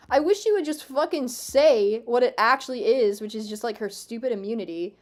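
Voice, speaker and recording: Hardly pausing, a medium-pitched woman speaks a touch quickly during a casual live stream of a game. She's in her twenties, curses freely, and is excitable and quick to poke fun at herself while talking to viewers.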